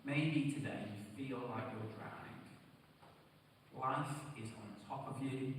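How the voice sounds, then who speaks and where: A man preaching a sermon in a church hall, earnest and pleading, shifting between loud emphasis and hushed, quiet lines. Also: mid-range voice, slow pace, slight background noise. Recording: echoey church hall from far off.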